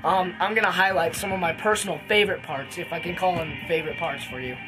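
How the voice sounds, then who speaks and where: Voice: mid-range voice, steady tone, quick pace, fairly bright tone, soft background music, low-quality recording. Rambling casual movie reviewer. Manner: rambling retelling with many fillers and restarts.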